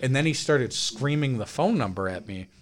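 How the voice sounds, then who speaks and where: Homme conteur animé et grossier. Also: male voice, mid-range voice, moderate pace, a crowd in the background. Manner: animated storyteller, swears freely, mimics people he quotes. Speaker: podcast co-host. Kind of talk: casual storytelling chat.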